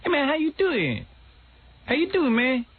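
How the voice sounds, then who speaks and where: A man's voice: big pitch swings, unhurried, exaggerated voice. A man putting on the voice of a whiny teenage boy pleading to be left alone, heard through tinny phone-like audio. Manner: high, pleading, drawn out.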